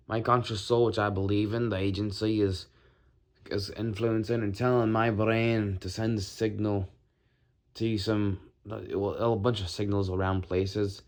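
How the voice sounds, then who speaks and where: Man, slightly low voice, solo phone vlog, restless and self-mocking, swears a lot. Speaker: vlogger. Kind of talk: rambling solo monologue.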